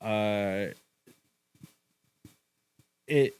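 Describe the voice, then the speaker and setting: A young man recounts a ghost story on a casual podcast. His delivery is relaxed and crude, full of swearing and "uh" and "like" fillers. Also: on the low side, drawn-out words, clean tone, low-quality recording. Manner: laid-back, swears a lot, hedges with "uh" and "like".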